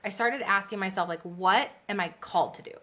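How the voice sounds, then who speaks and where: On a podcast, a woman who works as a business coach recounts her story conversationally and with energy, acting out other people's words. Her voice sits at a medium pitch, her delivery is brisk, and she laughs frequently.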